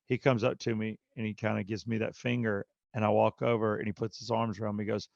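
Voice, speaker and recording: Gravelly man telling a story. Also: on the low side, fast talker, few pauses, no room sound, highs cut off. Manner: animated, acts out quotes with voices. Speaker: podcast co-host. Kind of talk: casual storytelling.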